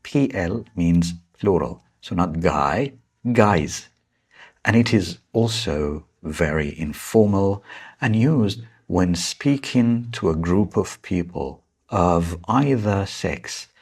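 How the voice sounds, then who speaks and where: Slow, husky-voiced man teaching English. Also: deep voice, lively intonation, darkish tone. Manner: slow, patient explaining with stressed key words. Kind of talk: vocabulary lesson.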